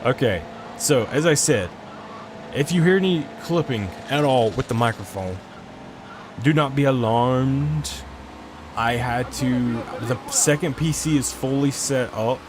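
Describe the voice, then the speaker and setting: A man's voice: mid-range voice, measured pace, noisy background. Swearing, rambling man streaming a game. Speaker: gaming streamer. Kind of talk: casual gameplay commentary. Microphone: desk microphone.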